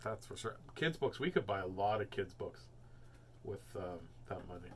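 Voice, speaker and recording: A man's voice: deep voice, animated, moderate pace, a little hiss or hum. A man hosting a home reading show, chatting casually with lots of jokes and fillers. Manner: rambling, jokey, many fillers. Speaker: host reading children's books. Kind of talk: casual chat.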